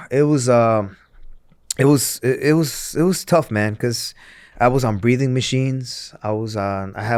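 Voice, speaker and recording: A man's voice: medium pitch, no room sound, studio quality. A man in his thirties, a former wrestler and interview guest, telling his story candidly with many fillers, restarts and acted-out quotes.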